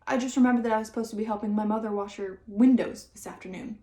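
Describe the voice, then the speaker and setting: A woman's voice: on the high side, quick pace, mellow, close to an everyday voice. A woman reading aloud and voicing a scared young boy rattling off a flustered excuse. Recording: roomy echo.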